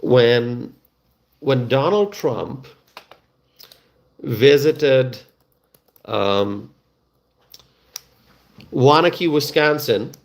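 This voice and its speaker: Host, male, middle-aged; unhurried, gravelly, halting live-stream chat. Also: medium pitch, animated. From Bangladesh. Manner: halting, many fillers and restarts.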